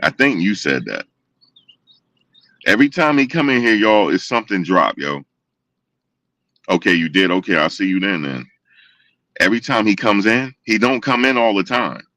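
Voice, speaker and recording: Host type: low-voiced man, chatty and repetitive, dry close sound. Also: moderate pace, long pauses, no echo, far from the mic. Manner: animated, repetitive storytelling with quoted voices. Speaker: show host. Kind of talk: casual commentary to viewers.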